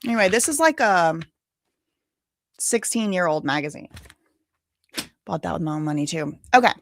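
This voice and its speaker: A woman hosting a live stream, chatting casually and rambling to her viewers, and she sounds tired and low on energy. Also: expressive, moderate pace, a little hiss or hum.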